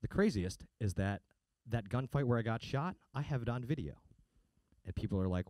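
A man's voice: mid-range voice, animated, moderate pace, a little mellow, dry recording. A man doing a stand-up comedy set, with a sarcastic, punchy delivery and mock voices. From United States.

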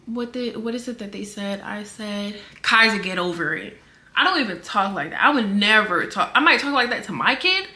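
A woman's voice: medium pitch, sharp tone. A young woman, a vlogger, talks to camera in an earnest and defensive way, with many fillers. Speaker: vlogger answering rumors. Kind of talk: casual personal statement to camera.

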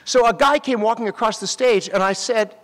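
A man, an actor, giving a graduation speech and telling animated stories straight to the graduates at the ceremony. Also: sits high, a little fast. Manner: animated storytelling, addressing graduates directly. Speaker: commencement speaker. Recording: long hall reverb.

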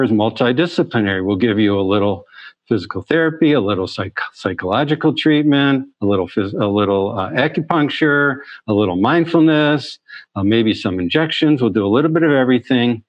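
Man, physician giving a lecture, earnest storytelling, restarts phrases, middle pitch, somewhat dull recording. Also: lively intonation, normal speed, no room sound. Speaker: pain medicine physician. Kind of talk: presentation.

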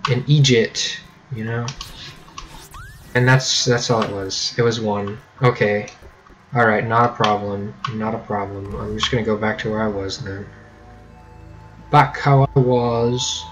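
A man giving casual gameplay commentary, rambling and self-mocking with sudden excited yelps. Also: on the low side, unhurried, over music. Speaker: let's play gamer. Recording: keyboard clicks audible behind.

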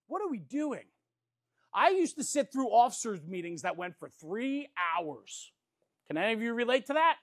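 A man's voice: high-pitched, dry recording, clean studio sound. A man in his forties giving a passionate, blunt, sometimes profane motivational talk to firefighters. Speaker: fire service presenter.

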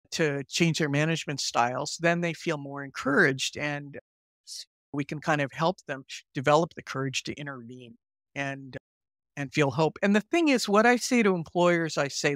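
A woman's voice: sits low, dry recording, clean studio sound. A woman in her sixties or older, a psychotherapist, speaking earnestly and telling stories in a podcast interview. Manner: earnest, animated storytelling. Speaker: guest psychotherapist.

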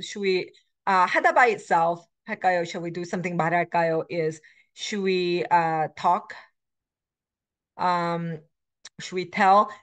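A middle-aged woman giving a recorded lecture as a language instructor, explaining grammar patterns with many fillers and self-corrections, reading example words aloud between her explanations. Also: fairly low pitch. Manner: switches between English and Korean examples.

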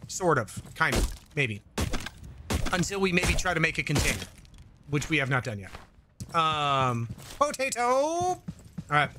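A gaming YouTuber gives casual let's-play commentary into a desk microphone, his voice on the high side, expressive and unhurried, with frequent pauses and background noise. He rambles, tosses in jokey asides, swears and reads chat aloud.

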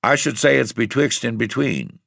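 A man's voice: mid-range voice, moderate pace, creaky, fairly bright tone, dry recording, clean studio sound, voice pushed up. A man voicing a worried, middle-aged rustic village landlord who speaks in plain country talk. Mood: fretful.

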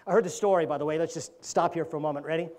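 A man, an evangelist preacher, delivering a sermon in a church and telling a joke with animated character voices. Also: fairly high pitch, racing.

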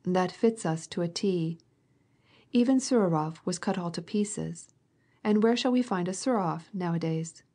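A woman reading a wry, mocking gentleman. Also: fairly low pitch, moderate pace.

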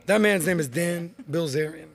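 Guy hosting a podcast, kinda high voice, voice going, jokey teasing vibe. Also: moderate pace, gravelly. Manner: upbeat, joking, teasing his guests. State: losing his voice. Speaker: podcast host. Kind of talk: casual studio chat. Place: studio.

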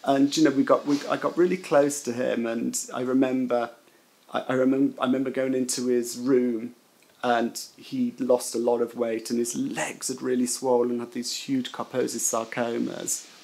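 A British man telling a personal memory in an animated way, acting out what others said. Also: mid-range voice, normal speed, gravelly, poor audio. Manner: animated storytelling, acts out quotes. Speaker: interviewee. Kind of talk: personal recollection.

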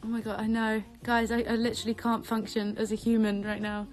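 A woman's voice: fairly high pitch, little pitch movement, brisk, a little mellow. Giddy woman on a live stream. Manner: breathless, giddy, squealing, repeats herself. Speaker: social media creator on a live stream. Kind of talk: excited live-stream chat. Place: bedroom at home.

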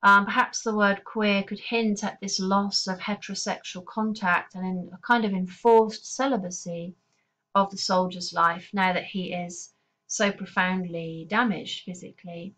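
A woman teacher giving a recorded poetry lesson in a measured, explanatory way, with an occasional filler. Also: medium pitch, fairly even intonation, a bit bright, rough recording.

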